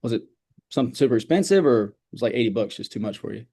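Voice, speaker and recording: Mellow-voiced, direct sales agent man. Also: medium pitch, lively intonation, quick pace. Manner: plain, direct, with frequent restarts. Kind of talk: sharing tips in a team training.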